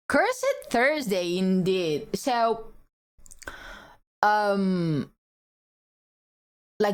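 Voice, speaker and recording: A woman's voice: mid-range voice, sing-song, drawn-out words, long pauses, smooth. A woman streamer chatting casually on a desk mic, telling a story, laughing often and dropping in Japanese words.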